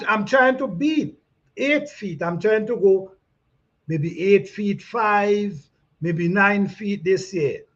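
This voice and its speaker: A man hosting a gardening chat, reading out comments in a relaxed way, repeating himself and laughing often. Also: high-pitched. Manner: laid-back, repeats phrases, laughs often. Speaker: gardening channel host. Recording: dull lo-fi sound.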